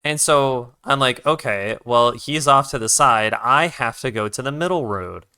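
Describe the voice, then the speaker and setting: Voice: mid-range voice, unhurried, sharp tone, smooth, dry recording, clean studio sound. An art streamer telling a road-trip story while drawing, ranting with lots of swearing and quoting other drivers. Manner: profane, ranting, retells the conversation in others' voices; restarts sentences while redrawing.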